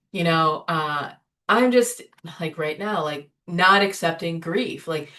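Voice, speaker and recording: A woman's voice: on the low side, lively intonation, slow pace, fairly bright tone. A woman hosting a spiritual recovery webinar in a casual, conversational way, often asking "right?" and adding "you know" as she talks. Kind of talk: informal spiritual webinar talk. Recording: voice somewhat distant from the mic.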